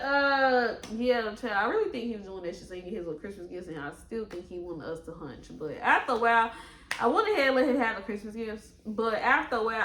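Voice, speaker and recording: A young woman speaking tells a storytime vlog in an animated, profane style, with sudden high outbursts and slow quoted lines. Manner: quotes others in a slower voice. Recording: echoey room.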